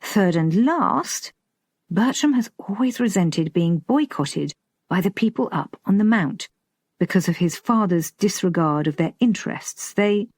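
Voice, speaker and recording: A woman reading an audiobook voices a middle-aged father who explains things in an even, matter-of-fact way. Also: mid-range voice, measured pace, husky, no echo, studio quality. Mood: measured. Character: calm middle-aged father, dry and measured.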